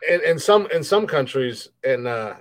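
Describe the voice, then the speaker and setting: Male co-host, middle-pitched voice, jokey and crude in casual chat. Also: expressive, moderate pace, low-quality recording. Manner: joking, laughs often, profane. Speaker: podcast co-host. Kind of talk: casual banter.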